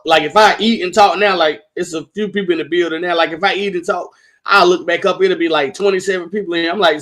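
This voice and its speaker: A man hosting a live stream, chatting in a relaxed, talky and animated way. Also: sits high, quick pace. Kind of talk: casual chat on a live stream.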